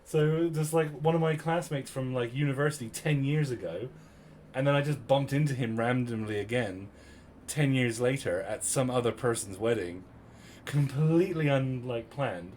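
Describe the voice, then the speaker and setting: A man's voice: mid-range voice, moderate pace, slight background noise. Chatty British man telling a story. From Cornwall, England. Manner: chatty, animated retelling with quoted voices. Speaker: streamer. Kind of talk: casual storytelling to chat.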